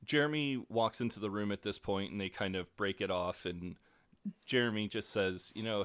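Easygoing male podcast co-host, low voice, relaxed chat. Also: moderate pace, smooth, no echo. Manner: easygoing, laughs readily. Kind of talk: casual chat recapping a TV episode.

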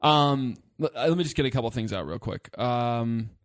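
A man co-hosting a casual movie discussion, talking in an animated, rambling way and swearing freely. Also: medium pitch, moderate pace. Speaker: podcast co-host.

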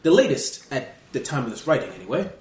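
A man's voice: mid-range voice, big pitch swings, fast talker, darkish tone, lightly acted. A man putting on a British accent to voice a haughty scholar reading a fantasy guidebook aloud. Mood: grandiose. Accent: put-on British. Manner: mock-grand, theatrical. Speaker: dungeon master. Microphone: single USB mic in the middle of the table. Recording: echoey room, one table mic.

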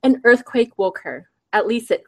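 A woman author on a show, reading aloud from her own novel in a lively, chatty way. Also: on the high side, normal speed. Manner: lively, chatty, laughs between passages. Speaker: guest author.

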